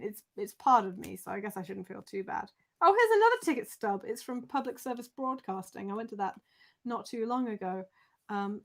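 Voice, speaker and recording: A young woman, chatting casually and rambling on a live stream, swearing and laughing often. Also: medium pitch.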